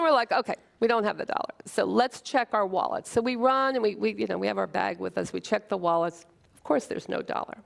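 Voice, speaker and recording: A woman with a gravelly, creaky voice tells a personal story on stage. She is earnest and emotional, slowing into dramatic pauses. Her pitch sits in a middle range. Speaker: speaker at a short talk event.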